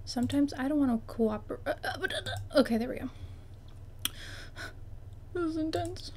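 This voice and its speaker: This gaming YouTuber, a young woman, speaks quickly in a high-pitched, somewhat mellow voice while casually playing a life-sim game. She's bubbly, exclaims often, and chats straight at the objects on screen.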